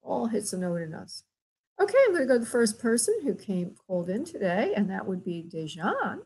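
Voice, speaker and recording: A woman medium hosts a psychic call-in show on the radio. Her mid-pitched voice has a gravelly, creaky edge. She talks gently and affectionately and calls her callers honey and sweetheart. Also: very animated, a little fast, low-quality recording. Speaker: spirit medium and radio host.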